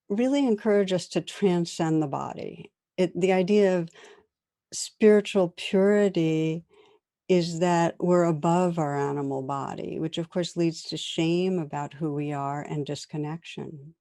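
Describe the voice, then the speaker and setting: A meditation teacher gives a dharma talk in a gentle, reflective way, often laughing softly while she tells stories. Her voice sits lowish, her pace is moderate, and the recording is dry.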